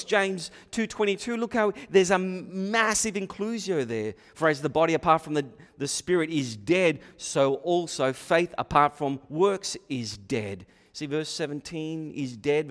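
Animated male preacher in a reverberant hall. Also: fairly high pitch. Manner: animated, repeats himself, acts out quoted voices. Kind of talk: sermon.

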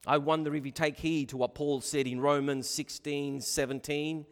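A man's voice: a little high, flat delivery, normal speed, big-room sound. A man preaching a sermon as pastor, emphatic and full of rhetorical questions.

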